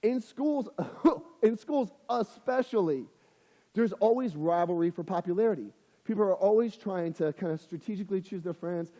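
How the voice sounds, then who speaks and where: A young man preaches casually to teenagers, acting out the people he quotes along the way. His voice sits high for a man and sounds mellow. It carries a long, reverberant tail from the hall. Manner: conversational, acts out quoted voices. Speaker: youth pastor. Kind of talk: casual youth sermon.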